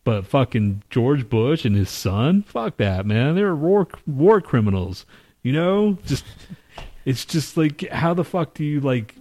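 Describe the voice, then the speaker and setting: A man's voice: medium pitch, big pitch swings, slow, darkish tone. Rambling, swearing male podcast host. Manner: rambling, profane, mocking impressions. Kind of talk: casual chat.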